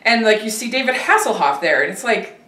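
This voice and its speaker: A woman hosting a film review chat, talking casually and hesitantly with many pauses and restarts. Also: fairly high pitch, expressive, a bit bright. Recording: roomy, distant from the mic.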